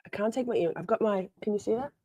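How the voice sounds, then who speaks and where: An Australian woman hosts a casual livestream from home, bubbly and swearing freely as she greets viewers by name. Her mid-range voice moves quickly, with a dark tone and a breathy edge, on a dry recording.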